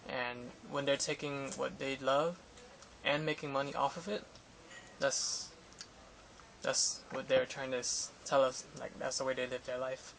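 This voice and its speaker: A man's voice: medium pitch, flat delivery, a little slow, vocal fry, fairly bright tone, a little hiss or hum, rough recording. A young man in a casual vlog, recounting an interview with photographers in a rambling way, full of fillers and restarts. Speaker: vlogger. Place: Los Angeles area. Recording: music playing behind.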